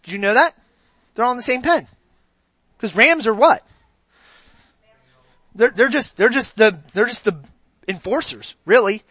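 A man's voice: very high voice, lively intonation, measured pace, long pauses, pushed and bright, no room sound. A man preaching a sermon in a conversational way, often asking his congregation questions.

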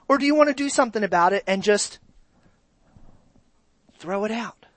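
Animated preacher with dry, close sound. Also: high voice, normal speed, long pauses, no room sound. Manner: animated preaching, swings from quiet asides to loud exclamations; asks the congregation direct questions. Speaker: pastor. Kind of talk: sermon.

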